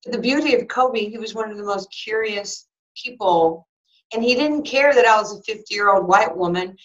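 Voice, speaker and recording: A woman in her sixties recounts a personal story in an interview, lively and animated. She restarts her sentences often and acts out both sides of each conversation. The recording sounds a little dull and lo-fi. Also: mid-range voice, normal speed. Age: 60s. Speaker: former basketball player and sports broadcaster. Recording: slightly dull lo-fi audio.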